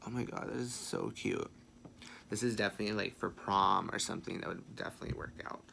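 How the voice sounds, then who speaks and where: A man chatting through a makeup tutorial in a sassy, playful way, swearing freely and muttering quiet asides to himself. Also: on the low side, expressive, fast talker, vocal fry, slight background noise. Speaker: makeup vlogger.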